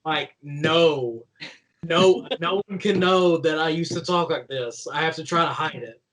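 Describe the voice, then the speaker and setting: In a casual interview, a young pro wrestler from Kentucky chats in a country twang, his voice a bit high for a man and slightly bright. He takes his time, wandering loosely through stories full of "like" and laughing along the way. The audio quality is rough.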